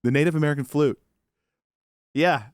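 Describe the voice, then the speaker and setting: A man's voice: fairly high pitch, normal speed, smooth, no echo, studio quality. Joking male podcast co-host. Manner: joking, loose and conversational. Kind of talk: casual podcast chat.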